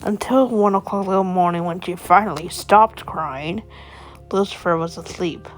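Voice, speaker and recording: A woman's voice: fairly low pitch, moderate pace. A woman casually narrating an improvised story in a rambling, home-made way.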